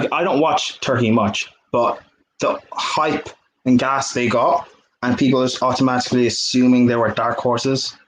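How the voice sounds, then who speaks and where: A man's voice: mid-range voice, slight background noise. Opinionated man on a roomy call-in line. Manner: blunt, opinionated. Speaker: caller. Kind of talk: football match reaction.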